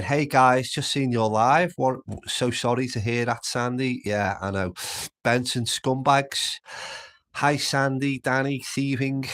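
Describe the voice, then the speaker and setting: Middle-aged stream host, rambling and sweary. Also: male voice, medium pitch, a bit bright. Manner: rambling, swears, repeats words. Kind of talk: casual live stream chat.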